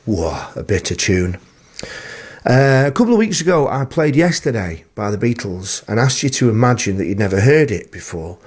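A man's voice: mid-range voice, big pitch swings, moderate pace, slightly rough. A man hosting a radio music show, chatting playfully and reading out listener emails in a self-deprecating way. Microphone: studio broadcast mic.

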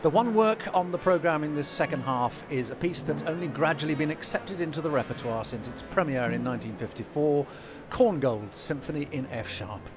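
A man's voice: fairly high pitch, fairly quick, music in the background. A man presenting a live classical concert broadcast from a concert hall, polished and informative.

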